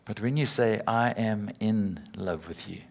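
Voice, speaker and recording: A man's voice: lowish voice, a little slow, vocal fry. A middle-aged man preaching a sermon in a conversational way, with repetitions and playful acted-out quotes.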